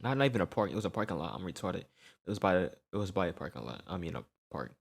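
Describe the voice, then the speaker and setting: A young man telling a storytime tale in casual slang, animated and peppered with "right?" tags. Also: low-pitched, quick pace, gravelly.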